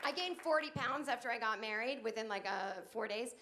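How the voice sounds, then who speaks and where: A woman in her late thirties delivers a stand-up set on a club stage through a handheld mic. Her voice sits a little high, and she slips into shrill put-on voices to act out other people. A faint noise runs under the recording. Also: a little fast, a crowd in the background. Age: 30s. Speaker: stand-up comedian. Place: comedy club stage with a live audience.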